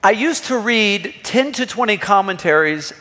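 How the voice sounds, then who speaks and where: High-voiced preaching man in a reverberant hall. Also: animated, normal speed, sharp tone. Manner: earnest, emphatic preaching with rhetorical questions. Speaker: pastor. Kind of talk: sermon. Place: church hall.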